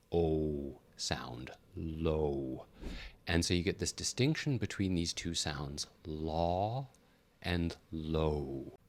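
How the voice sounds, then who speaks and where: A man teaching an English pronunciation lesson, slowly and deliberately demonstrating vowel sounds. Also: very deep voice, no room sound.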